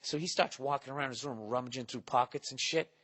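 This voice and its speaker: A man in his forties hosting a podcast, telling a comic story in a profane, animated rant. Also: mid-range voice, fast talker. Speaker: podcast host. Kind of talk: casual comedic monologue.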